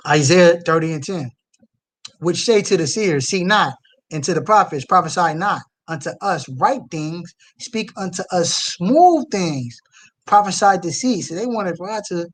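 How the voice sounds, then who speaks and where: A young man preaching on the street and reacting live to a video, fiery, swinging from low mutters to loud outbursts. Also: animated, a little slow.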